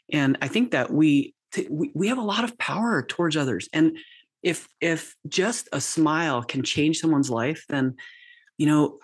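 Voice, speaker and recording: A woman's voice: very deep voice, no echo, studio quality. A woman in her fifties, a coach talking as a podcast guest in a rambling, self-deprecating way with lots of restarts. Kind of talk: casual interview chat.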